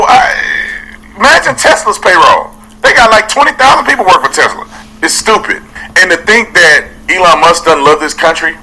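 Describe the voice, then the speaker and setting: A man's voice: a little high, pushed and bright, slightly rough, rough recording. A man giving blunt, dismissive opinion commentary, heard in a played-back clip.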